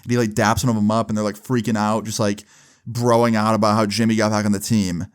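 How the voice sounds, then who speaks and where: A man telling a personal story in a casual vlog, animated and profane, with sudden jumps in pitch. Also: a little fast, clean tone. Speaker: storyteller vlogger.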